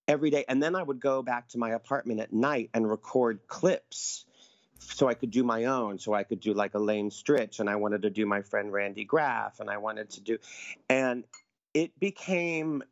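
A man's voice: medium pitch, moderate pace, dry recording, highs cut off. A middle-aged man, an actor, chatting as an interview guest and telling stories in a campy, playful way. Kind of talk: casual interview chat.

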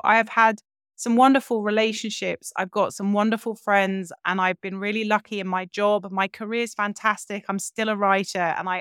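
Candid woman, smooth voice. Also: medium pitch, a bit bright, dry recording, clean studio sound. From London, England. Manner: frank, reflective, quick run-on telling. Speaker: guest. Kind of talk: candid personal storytelling.

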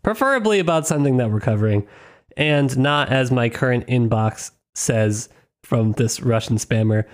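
A man co-hosting a relaxed book-discussion podcast, a bit congested and stuffy. He rambles casually, jokes a lot and laughs easily. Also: mid-range voice, normal speed. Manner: jokey, laughs often, rambling. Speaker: podcast co-host. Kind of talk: casual book-club chat.

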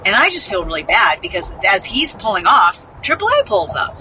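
A talkative woman from the Midwest tells a story as a podcast host, poking fun at herself and jumping up in pitch when she plays the people in it. Her voice sits at a middle pitch for a woman. Clear traffic and outdoor noise runs under the recording. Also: big pitch swings, moderate pace. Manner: chatty, self-mocking, acts out quotes with jumps in pitch. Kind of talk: casual storytelling.

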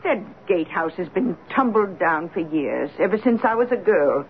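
An actress playing a plain-spoken, superstitious middle-aged housekeeper with a Maine accent, earnest and halting, in a 1970s radio drama. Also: female voice, on the low side, expressive. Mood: worried. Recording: tinny 1970s radio broadcast, faint hiss.

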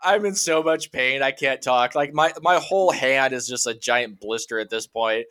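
A man's voice: medium pitch, moderate pace. A man telling a long, rambling personal story in casual conversation, full of fillers like "you know" and "like". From Washington state. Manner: rambling, animated anecdote with many fillers. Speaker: guest.

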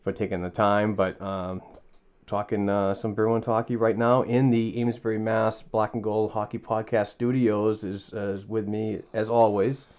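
A man hosting a podcast from a small home studio, casual and halting, repeating words and using many fillers. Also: lowish voice, little pitch movement, a little mellow. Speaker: podcast host. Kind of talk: casual chat.

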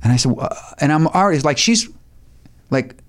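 A man guest telling a story in a casual chat, animated, swearing now and then and laughing between bits. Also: a little high, brisk. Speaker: guest musician.

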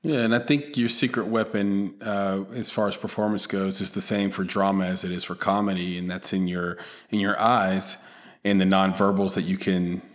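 A man hosts a podcast interview in a fairly low voice. He asks questions in a measured way and pauses on fillers as he thinks. His tone stays steady and unhurried. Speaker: podcast host.

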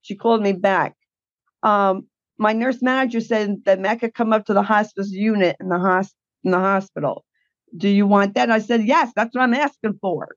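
A woman's voice: medium pitch, moderate pace, no echo, muffled recording. A woman guest telling her caregiving story in a blunt, indignant way. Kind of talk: emotional personal account.

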